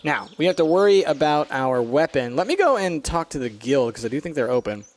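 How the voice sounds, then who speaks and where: A man's voice: a little high, very animated, fairly quick. A man casually commenting on a video game as he plays it, chatty and thinking aloud, with plenty of ums and uhs. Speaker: let's play host. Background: faint game music.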